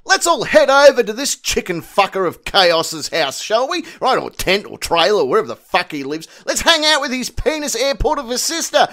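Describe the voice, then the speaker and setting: A man's voice: very high voice, sing-song, normal speed, hardly any pauses, a bit bright. A man giving crude, mocking commentary on a video. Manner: crude, mocking, theatrical swings. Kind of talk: profane comedic video commentary.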